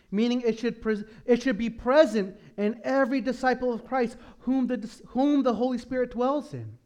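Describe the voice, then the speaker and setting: A male pastor preaching a sermon in a church, moving from hushed prayer to loud, emphatic exhortation. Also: very high voice. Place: church sanctuary.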